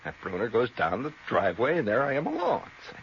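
A man's voice: mid-range voice, wildly swooping pitch, fast talker. A man telling a long story on the radio in a rambling, conversational way full of asides and tag questions, heard on a slightly dull old radio recording with faint hiss.

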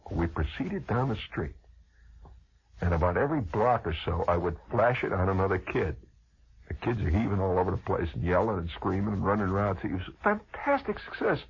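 Male radio storyteller, low husky voice, lively swooping delivery, digressive and conversational. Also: brisk. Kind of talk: rambling humorous radio monologue. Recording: dull lo-fi radio recording.

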